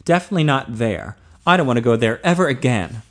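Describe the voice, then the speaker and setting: Guy doing a skinny nervous young guy, a bit higher, earnest and emphatic. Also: lively intonation, moderate pace, close to an everyday voice. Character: thin, uneasy young man.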